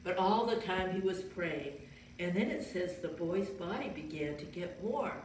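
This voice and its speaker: Gentle woman telling a children's story. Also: on the low side, expressive, unhurried. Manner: gentle, explains and asks listeners questions. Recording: very echoey room, far from mic, faint noise.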